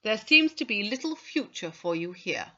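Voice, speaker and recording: A woman's voice: mid-range voice, sing-song, moderate pace, bright, forceful tone, muffled recording. A woman voicing a polite, tactful young male consular assistant in an audiobook.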